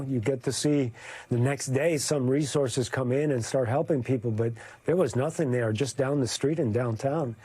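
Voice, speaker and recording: A middle-aged man, a news photojournalist, recalling a hard assignment in a reflective, halting way during an interview. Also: mid-range voice, warm tone, no echo. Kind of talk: emotional interview recollection.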